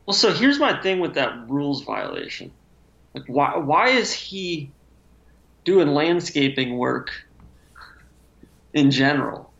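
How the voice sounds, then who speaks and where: A man's voice: fairly high pitch, big pitch swings, slow, gravelly, long pauses, fairly bright tone. A man co-hosting a casual sports talk podcast, laid-back and rambling with lots of fillers. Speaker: podcast co-host. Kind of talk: casual chat. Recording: dull lo-fi audio.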